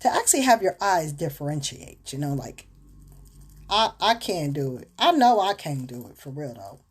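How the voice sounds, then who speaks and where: Woman host, husky voice, lowish pitch, rambling casual monologue. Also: sing-song, moderate pace. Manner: rambling and chatty, with many fillers and restarts.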